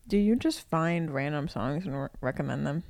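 A woman's voice: low-pitched, animated, moderate pace, a little mellow, no echo. A woman co-hosting a casual podcast chat, dry and teasing in manner. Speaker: podcast co-host.

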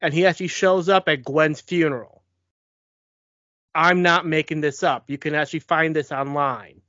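A man's voice: fairly high pitch, steady tone, normal speed, pushed and bright, dry recording. A man chatting casually on a podcast in a matter-of-fact way, with occasional fillers. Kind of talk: casual chat. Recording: dull, lo-fi dry recording.

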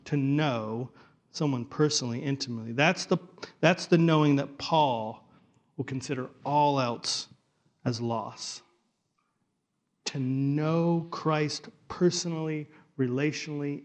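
Earnest, conversational male preacher. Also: a little high. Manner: earnest, conversational, trailing off softly at phrase ends. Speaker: pastor. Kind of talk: sermon.

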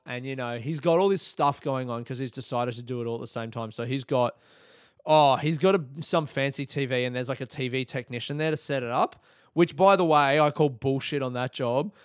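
A man's voice: medium pitch, steady tone, moderate pace, clean tone, no echo, studio quality. Sweary, rambling man. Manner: rambling, sweary, self-mocking. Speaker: podcast host. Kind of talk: casual comic storytelling monologue.

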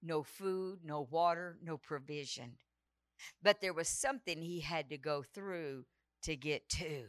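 A woman's voice: low voice, measured pace, dry recording, studio quality. A woman preaching a revival sermon, telling a personal story with dramatic flair and acting out the dialogue. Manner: dramatic, breaks into sung prayer, acts out quoted dialogue.

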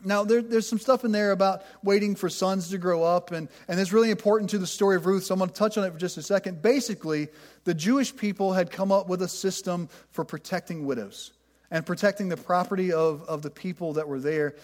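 Middle-aged male pastor, high-pitched, conversational and self-deprecating preaching. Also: brisk. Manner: conversational, self-deprecating, stumbles and repeats words. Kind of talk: sermon.

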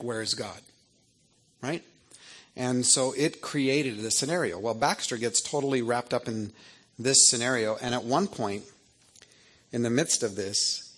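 A man's voice: medium pitch, fairly bright tone, husky. A man in his fifties, an author telling personal stories to an audience in a conversational manner that keeps checking in with "right?". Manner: conversational, keeps asking 'right?'. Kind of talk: personal storytelling talk.

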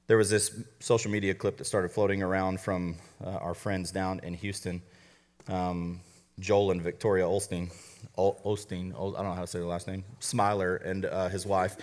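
A man preaching a sermon as a college pastor to a live church audience, talking conversationally with frequent restarts and joking asides. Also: mid-range voice. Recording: long hall reverb.

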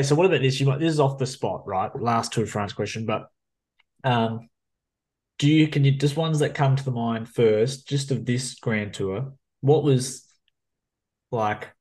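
Halting male podcast host asking questions. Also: mid-range voice, darkish tone. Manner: halting, searching for words. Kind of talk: casual interview questions.

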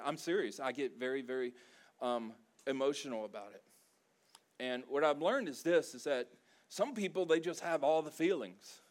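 A middle-aged man from South Louisiana, preaching a sermon and telling stories with humor and lots of feeling. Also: medium pitch. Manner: animated, emotional storytelling with humor. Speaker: pastor.

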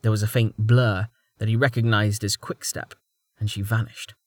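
A man narrating a fantasy audiobook in an expressive reading style. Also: fairly low pitch, normal speed, no room sound, clean studio sound.

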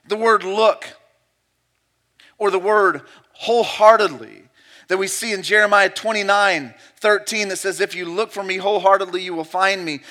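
A male pastor delivering a sermon in a bright, ringing tenor that sits unusually high for a man. He drops to hushed, intimate pleading and then climbs to loud, urgent exhortation. He hammers his points home by repeating phrases. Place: church sanctuary, also streamed online.

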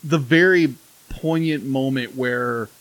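A man co-hosting a casual review chat, easygoing and halting, laughing often. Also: medium pitch, fairly bright tone, no room sound, low-quality recording. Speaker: podcast co-host.

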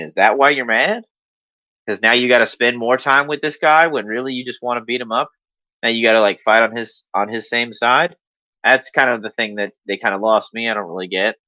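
A man's voice: lowish voice, bright, forceful tone, no echo, muffled recording. A man co-hosting a casual talk show, rambling with frequent restarts and dry jokes. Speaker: co-host of a wrestling talk show. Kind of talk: casual chat.

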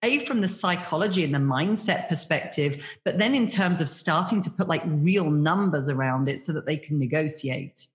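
A woman's voice: low-pitched, expressive, normal speed, few pauses. A woman hosting an interview podcast, enthusiastic and chatty, with many "you know"s and "like"s. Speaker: podcast host. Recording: echoey room.

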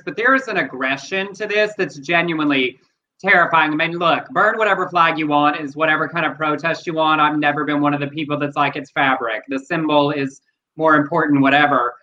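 High bright voiced guy on a podcast, earnest, kinda muffled audio. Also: fast. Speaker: podcast co-host. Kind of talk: casual chat, commentary.

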